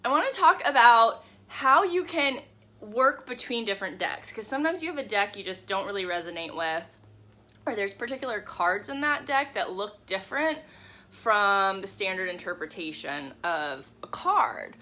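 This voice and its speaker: A woman's voice: mid-range voice, expressive, normal speed, bright, forceful tone. A woman in her thirties, a tarot reader, chatting in a casual morning live stream, bubbly and greeting viewers by name.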